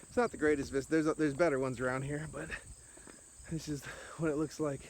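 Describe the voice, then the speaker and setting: A man's voice: on the high side, steady tone, a little fast, slight background noise. Casual male vlogger, breathless, rambling and jokey, handheld camera outdoors. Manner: rambling, joking, chatty. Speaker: beer vlogger. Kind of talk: casual walking vlog. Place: outdoors on a country road.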